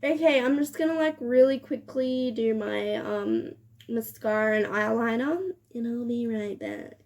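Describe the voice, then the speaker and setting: A woman's voice: fairly high pitch, very animated, a little slow, darkish tone. A young woman chatting casually while doing her makeup, laughing and swearing often. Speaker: beauty vlogger. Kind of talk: get-ready-with-me chat.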